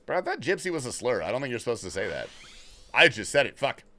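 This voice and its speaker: A young man chats loosely on his gaming livestream, slangy and quick to swear. His voice is middle-pitched but swings up and down a lot as he talks. He reacts to viewers' messages in a relaxed, offhand way. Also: slight background noise. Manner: laid-back, slangy and profane, reading and answering chat. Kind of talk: casual gaming livestream chat.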